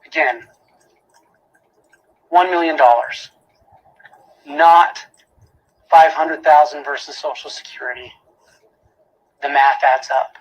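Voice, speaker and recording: A man's voice: on the high side, fairly even intonation, slow, pauses often, poor audio. A man giving a prosecutor's closing argument in a courtroom, emphatic, repeating key phrases and asking rhetorical questions.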